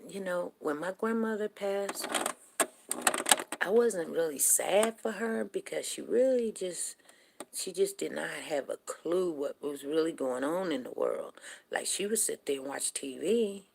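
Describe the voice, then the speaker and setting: Slow, gravelly-voiced woman telling stories. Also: deep voice. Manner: rambling, folksy, with many restarts. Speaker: show host. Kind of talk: casual storytelling monologue.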